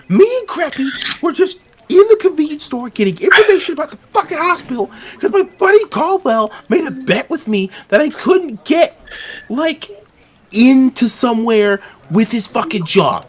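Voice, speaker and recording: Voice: medium pitch, natural voice. Someone doing a cursing suspect with an accent. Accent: put-on accent. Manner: swears constantly, rants. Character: foul-mouthed agitated male suspect. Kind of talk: tabletop role-play.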